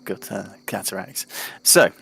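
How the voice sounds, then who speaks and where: Game master, male, deep voice, calm unhurried scene-setting narration. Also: creaky, slightly rough. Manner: unhurried descriptive narration with fillers.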